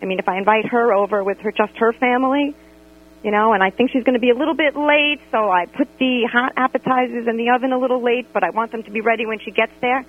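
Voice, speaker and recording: A woman calling in to a radio show by phone, telling a story in an animated, exasperated way. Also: a little high, fast talker. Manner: animated, exasperated retelling with quoted dialogue. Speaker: radio caller. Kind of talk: call-in storytelling about a friend. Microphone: telephone. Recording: tinny phone line on radio.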